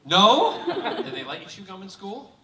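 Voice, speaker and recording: A man's voice: sits high, sing-song, moderate pace. A man talking on a live convention panel, teasing and joking with fans in camp banter. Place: large convention hall with audience. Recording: echoey hall, distant, loud crowd.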